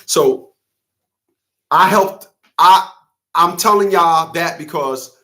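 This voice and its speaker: A middle-aged man hosts a casual monologue straight to the camera. He talks in an animated, rambling way, cursing freely and often restarting his sentences. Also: fairly high pitch, takes it slowly. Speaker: father's rights advocate and host. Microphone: camera facing the speaker.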